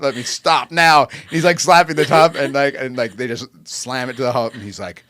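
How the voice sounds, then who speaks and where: A man's voice: medium pitch, fairly quick, hardly any pauses, fairly bright tone. A man co-hosting a podcast in casual chat, telling stories animatedly and laughing mid-sentence. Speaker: podcast co-host.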